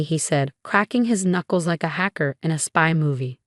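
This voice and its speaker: Low-voiced woman narrating a dramatic story. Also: normal speed, no echo, clean studio sound.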